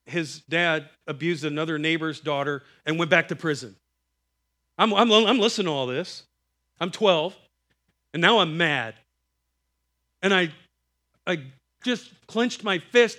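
A middle-aged man preaching a sermon, telling family stories and acting out the voices in them. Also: on the high side. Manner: animated, acts out quoted voices, breaks into laughter. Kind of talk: sermon storytelling.

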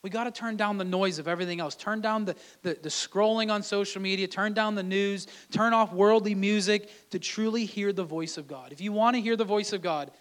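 A man's voice: high voice, a little fast, hardly any pauses, fairly bright tone. A man preaching a sermon in a conversational way, often repeating and restarting his words. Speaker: pastor.

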